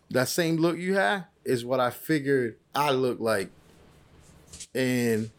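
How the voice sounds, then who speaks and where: Profane storytelling man. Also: medium pitch. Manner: animated, profane, retells dialogue. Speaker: podcast guest, firefighter paramedic. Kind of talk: casual storytelling chat.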